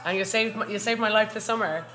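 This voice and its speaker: A woman with an Irish accent chatting as a guest, effusive and quick to laugh. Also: mid-range voice, soft background music. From Ireland. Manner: warm, effusive, laughs often. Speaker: guest, hospitality worker. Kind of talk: casual chat. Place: bar.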